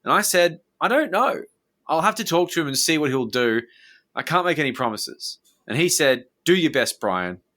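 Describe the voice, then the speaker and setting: A man's voice: a little high, big pitch swings, moderate pace, sharp tone. A man co-hosting a podcast, reading a police statement aloud and cutting in with scornful, sweary asides. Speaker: podcast co-host.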